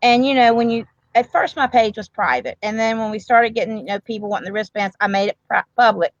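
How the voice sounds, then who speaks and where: Casting: earnest, rambling woman guest, mid pitch, dry and slightly dull sound. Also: fast talker, dry recording. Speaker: grandmother and medical provider, guest. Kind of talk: emotional casual interview talk.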